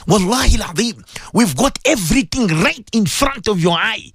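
A man's voice: high-pitched, animated, moderate pace, breathy edge, no echo, studio quality. A man giving an impassioned radio sermon to his listeners. He pleads with them, stresses his points and repeats phrases. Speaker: radio religious presenter.

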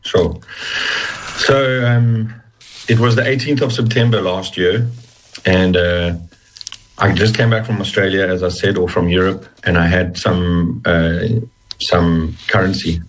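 A middle-aged man being interviewed, telling his story earnestly with halting restarts, emotional and close to tears. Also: deep voice, steady tone, a little hiss or hum, poor audio. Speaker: interview guest. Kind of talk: personal testimony in an interview.

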